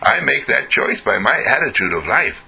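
A man's voice: medium pitch, very animated, moderate pace, vocal fry, bright, forceful tone, slightly rough, low-quality recording. A man from a ministry giving a recorded inspirational message, full of exuberant, repetitive affirmations. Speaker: ministry speaker.

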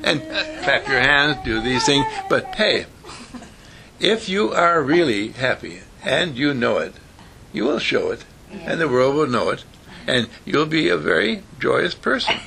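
Telling stories in a folksy motivational speech, an older man brings the characters to life by performing their quoted voices. He speaks a little slowly in a creaky, mid-range voice against a noisy background.

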